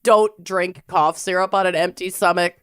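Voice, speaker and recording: A woman's voice: fairly low pitch, fairly even intonation, normal speed, a bit bright, clear, resonant tone, dry recording, clean studio sound. A woman co-hosting a casual podcast chat while sick with a bug, chatty and self-deprecating. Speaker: podcast co-host.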